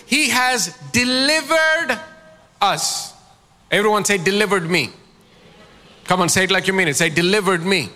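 A man's voice: sits high, pushed and bright, in a large hall. A man preaching a sermon as pastor, calling on his congregation to answer back. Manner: preaching with call-and-response prompts to the congregation.

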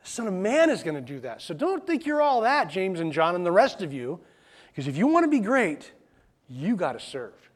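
Male pastor, casual plain-spoken sermon, high, very expressive voice. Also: moderate pace. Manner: animated, plain-spoken, drops into casual asides and acted quotes. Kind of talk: conversational sermon.

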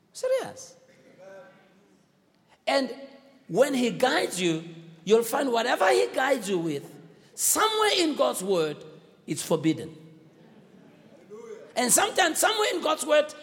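A man preaches with a high, swooping voice that rises and falls widely as he exhorts his congregation and calls for their replies. His sermon carries the long echo of a church hall. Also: vocal fry. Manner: exhorting, call-and-response with the congregation.

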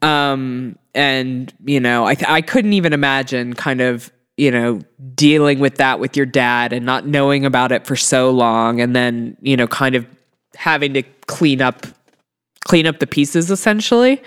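Low-voiced woman podcast co-host. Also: measured pace, smooth. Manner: agreeable, casual, drawls with fillers. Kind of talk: casual chat about reality TV.

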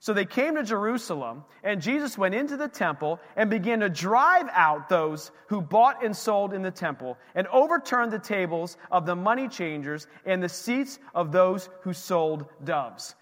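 A man preaching a sermon as pastor of a church, animated, with rhetorical questions and exclamations. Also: high voice, moderate pace, few pauses. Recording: reverberant church hall.

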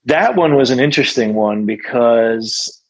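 A man's voice: mid-range voice, animated, a little slow, dry recording, poor audio. A male songwriter as a guest in a casual interview, rambling with many fillers and restarts.

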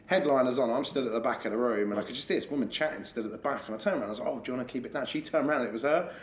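Fast-talking comedian in a roomy space. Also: male voice, medium pitch. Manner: laughs while telling stories, acts out both sides of quoted exchanges. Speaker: stand-up comedian guest. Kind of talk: casual podcast chat, telling stories. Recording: roomy echo.

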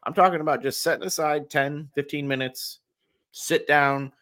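A man co-hosting a casual podcast chat, talking haltingly with many restarts and some swearing. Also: on the high side, fairly even intonation, a bit bright. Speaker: podcast co-host.

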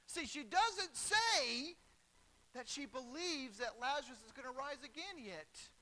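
A man preaching a sermon as pastor, building to loud bursts and dropping into folksy asides. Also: very high voice, animated, measured pace, low-quality recording.

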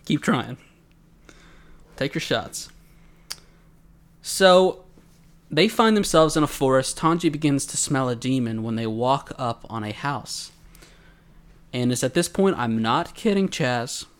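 A man in a casual podcast recap, speaking with an animated, sarcastic edge. His voice sits at an ordinary middle pitch, and he jokes freely as he picks apart the episode. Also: slow, long pauses. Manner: animated, sarcastic, acts out quoted lines. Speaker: podcast co-host. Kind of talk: casual anime recap chat.

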